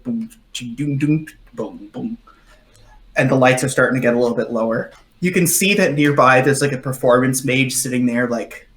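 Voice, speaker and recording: A man's voice: mid-range voice, roomy sound. A young man narrating a tabletop game as game master, in a loose way with many fillers.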